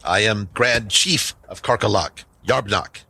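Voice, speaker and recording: A man's voice: fairly low pitch, measured pace, vocal fry, bright, forceful tone, slightly rough, dry recording, exaggerated voice. A man voicing a proud, guarded goblin chief who talks in a stilted, commanding way.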